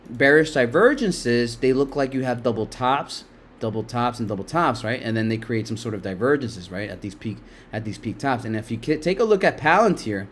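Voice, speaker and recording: Brief: middle-aged male live-stream trader, mid-pitched, salty, rambling, talks to chat. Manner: loose, profane, talks to chat, laughs a lot. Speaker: livestream stock market host. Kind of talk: casual live-stream commentary.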